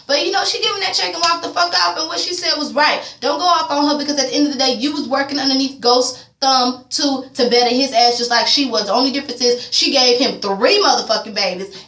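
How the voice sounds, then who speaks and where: A woman talks through a TV episode in loose, profane slang, getting worked up over the characters. Her voice sits a little high and comes across bright and forceful. She is recorded from a distance in a room that echoes. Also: quick pace, hardly any pauses. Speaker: TV recap vlogger. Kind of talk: casual TV episode recap.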